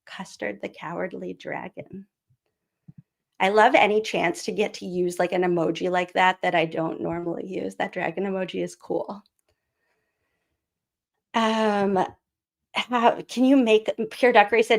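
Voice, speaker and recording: A woman's voice: medium pitch, fairly even intonation, moderate pace, vocal fry. A woman hosting a casual live stream, a former teacher, chatty and rambling with lots of fillers and giggles. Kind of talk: casual live-stream chat and read-aloud.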